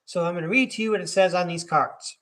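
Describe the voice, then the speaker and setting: A fast-talking man with a high-pitched, fairly bright voice runs a live-streamed tarot reading. He chats easily with his viewers and reads out the card keywords one by one.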